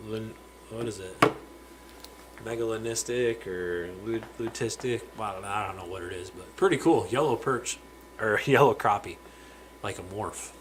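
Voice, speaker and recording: A man with a lowish, fairly bright voice runs a laid-back live stream from his home fish room, surrounded by aquariums. He chats freely, says hello to viewers by name, and sometimes stumbles over his words. The rough recording has a bit of hiss or hum.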